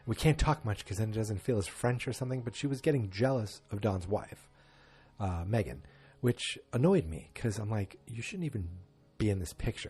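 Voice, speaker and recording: A man's voice: fairly low pitch, expressive, moderate pace, darkish tone, husky, soft background music. A man hosting a casual solo podcast, retelling scenes and acting out the quotes with sarcastic asides. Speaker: podcast host.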